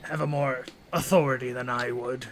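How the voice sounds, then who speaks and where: A man voicing a helpful male townsman who calls out loudly and insistently. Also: medium pitch, steady tone, normal speed, very noisy, close to an everyday voice. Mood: wry. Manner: loud, calling out insistently.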